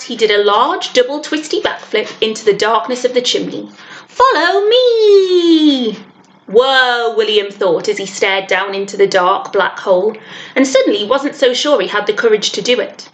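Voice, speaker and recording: A woman teacher reading a children's novel aloud with expressive storytelling. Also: on the high side.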